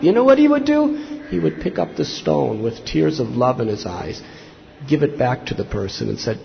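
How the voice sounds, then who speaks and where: Gravelly-voiced man giving an earnest sermon. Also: fairly high pitch, huge pitch swings, normal speed. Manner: earnest storytelling, acting out quotes with rising intensity. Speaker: monk giving a scripture class. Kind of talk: devotional sermon. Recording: slightly dull lo-fi recording with faint noise.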